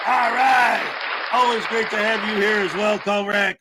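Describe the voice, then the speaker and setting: A jokey, playful man hosts a morning livestream and calls out viewers by name. His voice sits high. A crowd is clearly audible behind him. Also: fairly even intonation, a little slow, very noisy. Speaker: livestream host. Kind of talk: casual live-chat greetings.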